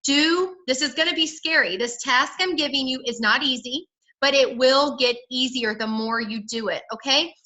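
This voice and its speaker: A woman's voice: high-pitched, moderate pace, bright, forceful tone, low-quality recording. A woman giving an upbeat, direct pep talk to her sales team on a video call. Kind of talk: motivational coaching on a team call.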